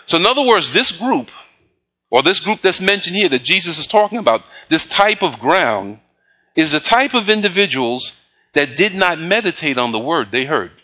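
A man preaching a sermon, reading scripture slowly and pausing to prompt the congregation with call-and-response questions. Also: fairly high pitch, sing-song, sharp tone. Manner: slow emphatic scripture reading. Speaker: pastor.

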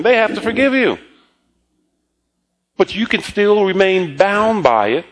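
Man preaching, warm and chuckling. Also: high-pitched, rough recording. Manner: storytelling with frequent laughter and repeated words. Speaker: pastor. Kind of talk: sermon.

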